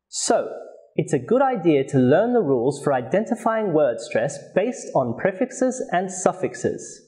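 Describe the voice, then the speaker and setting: A man's voice: a little high, darkish tone. A man presenting a scripted English pronunciation lesson, speaking carefully and modelling words for learners to repeat. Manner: slow, careful, clearly articulated, models words for repetition. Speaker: pronunciation teacher.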